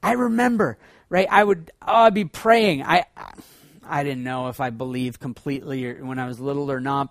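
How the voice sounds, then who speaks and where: A man preaching a sermon as pastor, swinging between loud excited bursts and hushed low passages. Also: no echo, studio quality.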